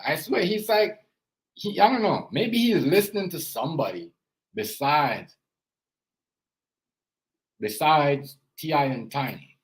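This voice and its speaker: A man's voice: a little high, very animated, slow pace, long pauses, poor audio. A man and father giving casual reaction commentary, rambling and earnest, filling his talk with "you know" and "as I said". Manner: earnest, lecturing tone about parenting. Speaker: parent and reaction vlogger.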